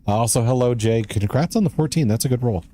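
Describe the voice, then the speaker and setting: A man's voice: medium pitch, quick pace, dark tone, slight background noise. A man streaming a game live, chatting casually with his viewers and reading in-game letters aloud.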